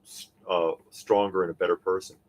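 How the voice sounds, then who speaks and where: Over a noisy crowd, a deep-voiced man talks fairly quickly in a level tone while co-hosting a live toy and pop culture stream. Casual and opinionated, he reads viewer comments and rants in a rambling way, with many fillers and restarts.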